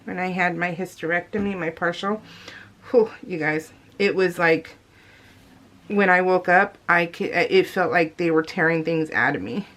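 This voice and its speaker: An adult woman vlogs while scrapbooking, rambling casually to her viewers and calling them "you guys." Her voice is on the low side and a bit bright, at normal speed, in a chat voiced over her crafting.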